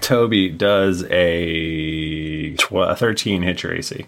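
Low gravelly male game master. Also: slow pace. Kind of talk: running a tabletop game.

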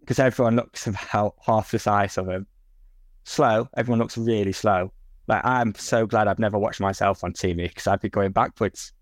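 A man's voice: lowish voice, steady tone, normal speed, no echo. A man co-hosting a casual sports podcast with a dry, joking manner. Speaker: podcast co-host. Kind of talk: casual chat.

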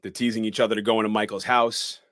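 A man's voice: lowish voice, little pitch movement, fast, a bit bright, no room sound, studio quality. A man co-hosting a podcast, recapping a movie scene by scene and acting out the characters' lines. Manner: narrates scenes dramatically, quoting characters in shifted voices. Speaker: podcast co-host.

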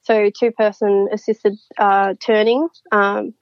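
A woman's voice: mid-range voice, flat delivery, slow, no echo. Woman guest, rambling storyteller, dull lo-fi sound. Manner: chatty, rambling, laughs often. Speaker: psychic guest. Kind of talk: casual storytelling. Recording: dull lo-fi, dry.

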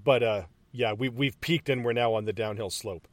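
A man co-hosting a casual podcast, excitedly retelling film action, swearing freely and acting out characters' lines. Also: medium pitch, normal speed, dry recording. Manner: excited, profane, acts out lines. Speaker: podcast co-host. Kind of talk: casual movie discussion.

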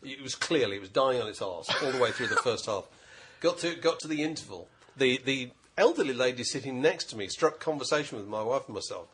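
A man who works as a critic, telling an anecdote in casual chat with an expressive delivery. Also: medium pitch, a little fast, background noise. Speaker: critic and broadcaster.

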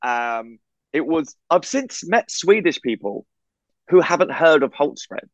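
A man from England, co-hosting a podcast, telling a story in a casual, animated way over a video call. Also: fairly high pitch, slow, dry recording, highs cut off. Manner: animated storyteller, acts out quoted voices. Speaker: podcast co-host.

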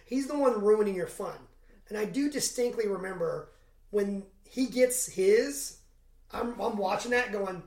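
A woman's voice: mid-range voice, animated, normal speed. Woman cohost riffing on an old movie, snarky and jokey, echoey room. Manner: sarcastic, jokey, slips into mock voices. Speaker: podcast co-host. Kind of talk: casual movie recap chat. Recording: roomy echo.

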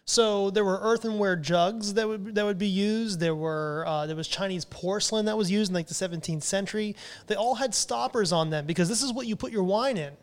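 A man's voice: high voice, brisk. A man hosting a podcast lesson on wine, talking in an enthusiastic, chatty way. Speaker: podcast host and wine educator. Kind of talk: casual explanatory podcast lesson.

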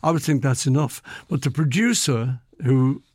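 A man's voice: mid-range voice, normal speed, darkish tone, breathy edge, no room sound, studio quality. An older man with a Liverpool accent, chatting as an interview guest about his book, telling anecdotes and slipping into playful voices. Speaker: guest author. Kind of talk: relaxed interview chat.

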